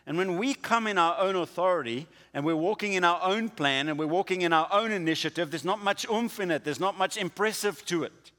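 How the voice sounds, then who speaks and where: A man preaching a sermon, with a dramatic delivery that swings from quiet to loud. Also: sits high, brisk, few pauses, in a large hall. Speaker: pastor.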